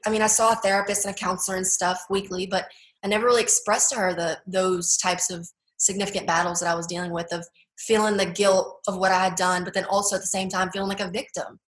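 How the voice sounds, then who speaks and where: A young adult woman in an interview, telling her story earnestly and haltingly, with many filler words. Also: mid-range voice, little pitch movement, reverberant, rough recording. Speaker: guest. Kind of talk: personal testimony interview.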